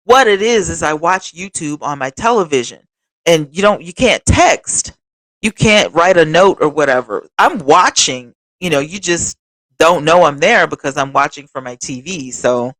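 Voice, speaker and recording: A woman's voice: sits low, animated, moderate pace, a bit bright, dry recording. A woman hosting a casual livestream, chatting expressively and talking straight to her viewers as she reads their comments. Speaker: livestream host.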